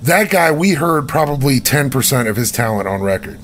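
A man's voice: mid-range voice, animated, normal speed, a bit bright. A man hosting a casual interview, chatty and friendly, who sometimes stumbles over his words while asking questions. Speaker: interviewer host.

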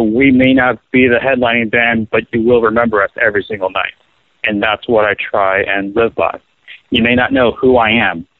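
Touring bassist guest, young man, joking and swearing, phone-line sound. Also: dry recording. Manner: rambling storyteller, profane and joking. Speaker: touring bass player, guest. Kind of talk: casual interview.

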